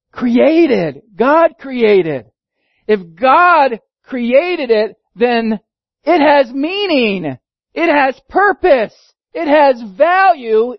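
A man's voice: very high voice, no echo, lo-fi sound. A man preaching a teaching sermon, emphatic and repeating key phrases for his listeners. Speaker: pastor.

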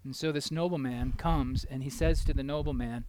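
A man preaching a sermon with passion, questioning his listeners again and again and swinging from loud emphatic peaks down to quiet asides. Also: mid-range voice, fairly even intonation, moderate pace. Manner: asks the listeners many rhetorical questions; acts out the voices of people in the story.

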